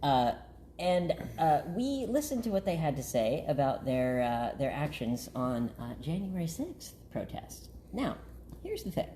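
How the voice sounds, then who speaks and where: A man's voice: on the high side, very animated, unhurried, dark tone, slight background noise. A man hosting a podcast in casual chat, with a playful, grandiose manner and plenty of "uh" fillers. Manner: playful, grandiose self-introduction with frequent fillers. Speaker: podcast host.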